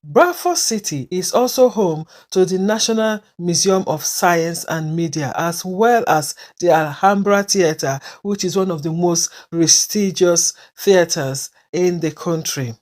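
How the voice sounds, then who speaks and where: Slow, measured woman hosting an event. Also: lowish voice, lively intonation, a little mellow, rough recording. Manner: measured, deliberate announcing. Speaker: event host and campaign founder.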